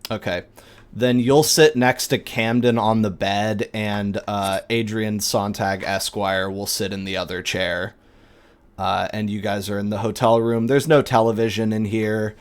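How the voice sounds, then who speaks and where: A man narrating a tabletop game as game master, relaxed and often pausing on fillers. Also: on the low side, clear, resonant tone.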